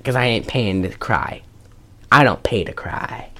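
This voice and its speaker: Her bass voice unhurried, a female podcast host chats jokily about a film, dropping some swear words and laughing along the way. The audio is poor.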